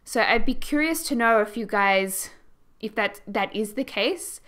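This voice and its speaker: A woman's voice: on the high side, animated, a little slow, a bit bright. A young Australian woman chatting casually as she narrates a house build for her channel, rambling and laughing as she goes. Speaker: gaming YouTuber.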